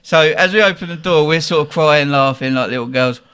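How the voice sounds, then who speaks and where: A man's voice: a little high, brisk, fairly bright tone, clear, resonant tone. A young man, a podcast host telling a story in a casual, slangy way and laughing often.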